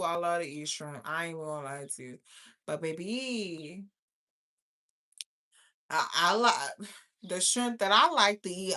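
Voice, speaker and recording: A woman's voice: fairly high pitch, fairly bright tone. A young adult woman hosting her own channel, talking brashly and with lots of profanity, laughing often. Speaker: YouTube host. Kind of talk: casual livestream chat.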